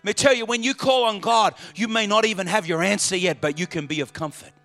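A male preacher with a very high, bright voice and a gravelly edge delivers a sermon dramatically. He drops to hushed asides, then rises to loud, emphatic calls. Faint music plays behind him. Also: fast talker.

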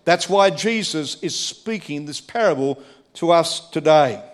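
A man preaching a sermon, emphatic, moving between quiet asides and a raised voice. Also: on the high side, lively intonation, slow. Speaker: pastor.

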